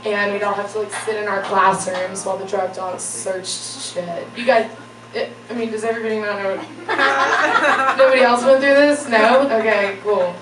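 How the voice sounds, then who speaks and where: A woman's voice: mid-range voice, normal speed. Young woman telling a story on stage. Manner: casual, profane, laughing often. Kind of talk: live comic storytelling. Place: stage before a live audience. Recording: echoey room, distant mic, audience noise.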